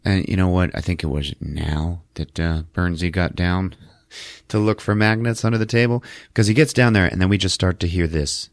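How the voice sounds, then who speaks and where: A man's voice: deep voice, steady tone, moderate pace, no room sound, studio quality. A man hosting a podcast, casually retelling a film with loose, profane energy. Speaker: podcast host recapping a film. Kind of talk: casual chat.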